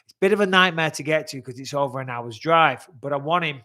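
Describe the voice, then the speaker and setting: Man, 40s, live-stream host. Slightly raised pitch, blunt and chatty, swears freely while answering viewer questions. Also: quick pace, pushed and bright.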